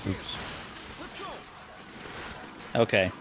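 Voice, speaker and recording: A man co-hosting a podcast, chatting casually while playing a game, animated and quick to laugh. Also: background noise. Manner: animated, laughs often, thinks aloud. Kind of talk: casual gameplay chat.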